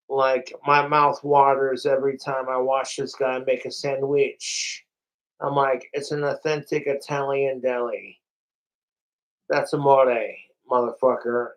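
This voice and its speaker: A man's voice: medium pitch, low-quality recording. A man livestreaming, rambling profanely and animatedly straight to his viewers in casual chat. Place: home, overnight livestream.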